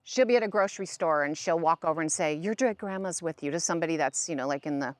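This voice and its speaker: A woman's voice: low-pitched, quick pace, no echo. A middle-aged woman, a psychic medium, chatting in an interview and telling stories in which she acts out the voices of other people. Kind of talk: conversational interview.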